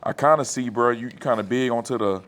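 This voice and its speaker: A man's voice: medium pitch, a little fast, a bit bright. A man from Memphis hosting an interview, easygoing and joking, with "man" and "bro" in every sentence. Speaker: podcast host. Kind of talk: casual interview chat.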